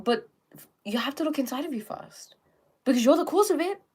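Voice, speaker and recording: A woman's voice: sits high, animated, fairly quick, darkish tone. Chatty young woman hosting a live stream. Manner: chatty, repeats "okay?" and "um", acts out little scenes. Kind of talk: casual live-stream talk on self-help.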